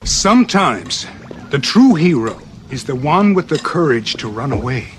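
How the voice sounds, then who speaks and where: A man voicing a gruff, cynical male mercenary with a slow, mock-solemn delivery. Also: on the high side, very animated, slight background noise, voice pushed up.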